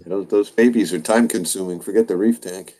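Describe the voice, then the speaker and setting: A man's voice: deep voice, brisk, dark tone. An American man co-hosting a casual live chat, joking and laughing easily. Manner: laughing, jokey.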